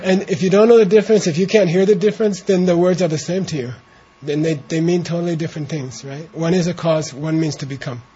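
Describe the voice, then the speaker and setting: A man leading a translation class, talking slowly and relaxed while he coaches pronunciation. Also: a little high. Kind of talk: informal class talk with chanted reading. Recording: dull lo-fi classroom recording.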